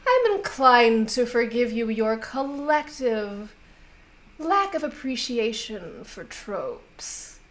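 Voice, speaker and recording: A woman putting on an ageless, sharp-toothed fae lady in a tabletop game. She drawls slowly and softly, silky and indulgent. She sounds amused, as if she has outlived every joke. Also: fairly high pitch, big pitch swings.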